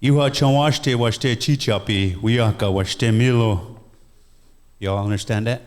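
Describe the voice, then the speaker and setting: A man giving a calm, measured talk as a guest speaker, gently encouraging his listeners on healing. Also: mid-range voice.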